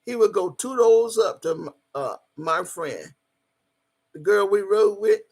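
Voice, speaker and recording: A woman telling a personal story in a casual, animated way, swearing freely as she goes. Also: mid-range voice, unhurried, breathy edge.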